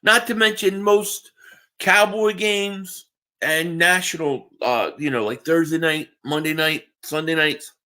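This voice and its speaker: A man's voice: a little high, a little slow, bright, forceful tone. A man hosting a live stream, chatting casually and answering viewers' comments while tired from just waking up. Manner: reads chat aloud and answers viewers, with restarts.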